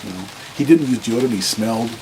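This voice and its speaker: A man's voice: medium pitch, fast talker, background noise. A man giving blunt dating advice in a casual monologue to camera, rambling, restarting sentences and repeating words.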